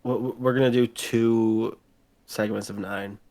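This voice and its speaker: A man's voice: fairly low pitch, fairly even intonation, slow pace, dark tone. A man co-hosting a casual podcast who complains bluntly. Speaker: podcast co-host. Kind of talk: casual chat.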